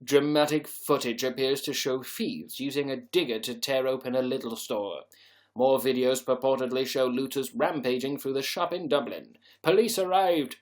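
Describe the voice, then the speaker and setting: A man's voice: mid-range voice, steady tone, normal speed. A man hosting a casual livestream, chatting to viewers in a rambling, sarcastic, sweary way. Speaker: livestream host.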